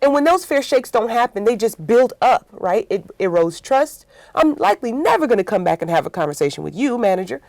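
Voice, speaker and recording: A woman's voice: fairly high pitch, brisk, creaky, few pauses, no echo, clean studio sound. A woman guest in a conversational interview about workplaces, telling stories with acted-out quotes and often adding "right?". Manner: animated storytelling with acted-out quotes; frequent "right?" tags.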